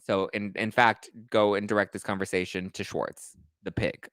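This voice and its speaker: A man hosting a casual reality TV recap, talking in a sassy, dramatic way with quick asides. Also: lowish voice, fairly even intonation, a bit bright, smooth, dry recording. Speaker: host.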